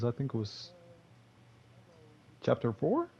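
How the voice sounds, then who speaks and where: A man's voice: mid-range voice, normal speed, vocal fry, pauses often, lo-fi sound. A young man from Texas commentating on his own gameplay in a rambling, loose way, full of fillers and curses. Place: home gaming room.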